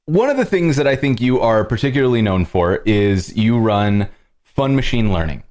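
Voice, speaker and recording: A man's voice: lowish voice, very animated, moderate pace, darkish tone. A man hosting a live coding stream, joking with his guest and reading out names from the chat. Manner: playful, teasing, reads the chat aloud. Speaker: host.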